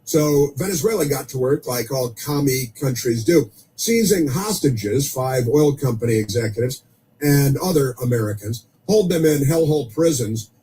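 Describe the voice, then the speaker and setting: A man's voice: mid-range voice, animated, normal speed, mellow, a little hiss or hum, low-quality recording. Sarcastic man hosting talk radio. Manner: sarcastic, scornful asides and mocking quoted voices. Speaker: radio talk show host. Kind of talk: political talk radio monologue.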